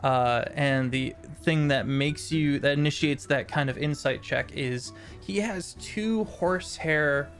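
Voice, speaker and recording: A man narrating a tabletop role-playing game as game master, halting with many fillers. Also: a little high, vocal fry, a bit bright, soft background music.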